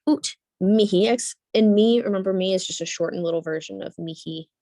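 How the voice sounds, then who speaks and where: A woman's voice: mid-range voice, fairly quick, dark tone, no room sound. A young woman teaching a Latin lesson, translating line by line and thinking aloud with frequent ums and self-corrections.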